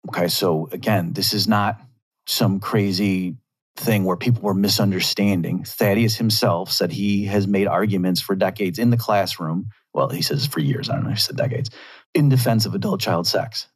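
A man talking through a commentary monologue, arguing his point with rhetorical asides. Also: deep voice.

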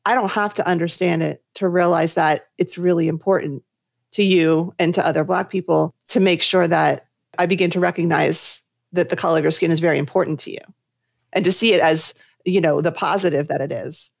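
A woman's voice: fairly low pitch, fairly even intonation, a little fast, creaky, dry recording, clean studio sound. A woman speaking thoughtfully and reflectively in a podcast conversation.

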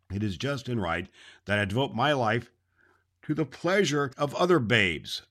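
A man's voice: medium pitch, fairly bright tone, close to an everyday voice. A man voicing an earnest young man who solemnly takes leave of his forest home. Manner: solemn, formal speech.

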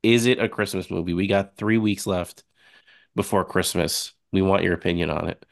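Low-pitched easygoing man, laughing podcast host. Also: fairly even intonation, moderate pace, gravelly, dry recording, clean studio sound. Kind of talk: casual movie chat.

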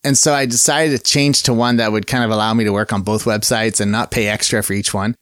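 A man's voice: fairly low pitch, fairly even intonation, fast, fairly bright tone, no room sound, studio quality. A man hosting his own podcast in a casual solo chat. He rambles in an upbeat way and often corrects himself mid-sentence. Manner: rambling and upbeat, with many fillers and self-corrections. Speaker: podcast host.

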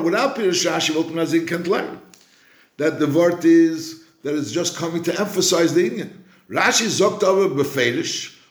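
A man teaching a Torah class, his voice sitting a little higher than most men's. He slows down to chant each quoted verse, then reasons through it in a searching way, often restarting his sentences. The room around him rings with a noticeable echo. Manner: chants quoted verses slowly, then explains in quick back-and-forth; frequent restarts and repeated words while reasoning. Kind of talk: Talmudic-style lecture. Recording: roomy echo.

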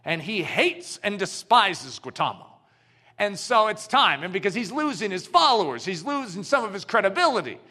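A preacher tells a sermon story with great drama and asks his listeners questions along the way. His voice is high and bright, and it swings widely in pitch. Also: moderate pace. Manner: animated, dramatic storyteller who poses questions to the audience. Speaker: pastor.

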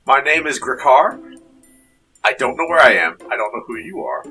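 A man's voice: mid-range voice, very animated, normal speed, sharp tone, soft background music. A man voicing a panicked, terrified man who is on the verge of sobbing. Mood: frightened. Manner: frantic, pleading, on the verge of sobbing.

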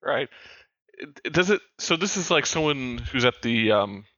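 A man playing a tabletop game, animated and self-mocking, laughing often. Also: medium pitch, moderate pace, dry recording, highs cut off. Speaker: player. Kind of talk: tabletop role-play over a call.

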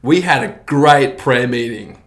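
A man in his forties from New Zealand with a slight New Zealand accent, a preacher chatting in an interview, talkative and quick to laugh. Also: mid-range voice, lively intonation. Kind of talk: casual interview chat. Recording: roomy echo.

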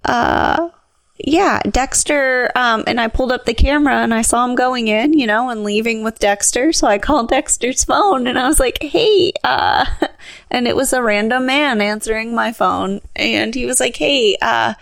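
A woman with a higher, gravelly voice tells a story on a podcast. She is lively and laughs often, acting out the people in her story. The sound is close and dry. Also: normal speed, dry recording. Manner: animated, laughing, acts out quotes. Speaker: podcast co-host. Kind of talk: casual storytelling chat.

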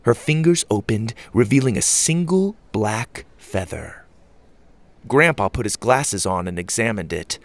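A man reading a children's audio story aloud as narrator, with expressive storytelling. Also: fairly low pitch, measured pace, dry recording.

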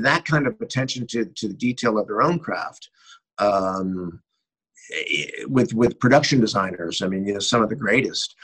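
A middle-aged man, a cinematographer, telling rambling and animated anecdotes in an interview, often restarting his sentences. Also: lowish voice, husky, poor audio. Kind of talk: interview storytelling.

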